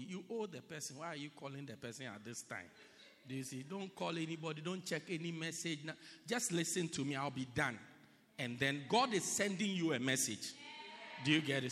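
A man preaching a sermon to a congregation, leading them in repeated shouted readings of scripture. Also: a little high, long reverb tail, a little hiss or hum. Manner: builds to shouted call-and-response reading. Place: church.

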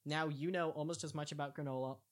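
A man's voice: a little high, steady tone. A man hosting a casual podcast, joking around and tripping over foreign words. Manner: jokey, quick asides, stumbles over foreign words. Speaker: podcast host.

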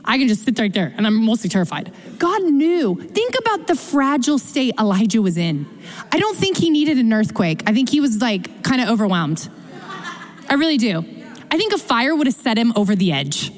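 A young adult woman pastor preaching a sermon, expressive, slowing down for emphasis and speeding up in quick asides. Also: a little high. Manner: expressive, shifts between slow emphatic phrasing and quick asides. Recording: long hall reverb.

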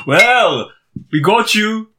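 Theatrical comic cohost ribbing a friend, slow delivery. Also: medium pitch, animated, bright, forceful tone. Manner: teasing, theatrical. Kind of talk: improvised comic role-play.

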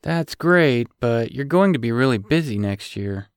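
A man voicing an excited, teasing teenage girl about to start college, eager and pushy. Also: medium pitch, unhurried, clear, resonant tone, no room sound, clean studio sound. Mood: upbeat.

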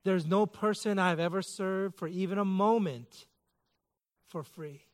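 Male pastor, thirties, high voice, sermon delivery with wry self-deprecating humor. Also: measured pace. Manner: self-deprecating storytelling with mock outrage.

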